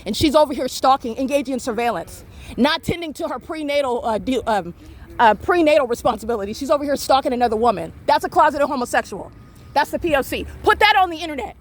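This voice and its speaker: A woman's voice: sits high, expressive, fast. A woman filming on her phone outdoors, narrating in an accusatory, repetitive, insistent way. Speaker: vlogger filming people around her. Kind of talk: confrontational narration while filming. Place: outdoors in a town square and parking lot.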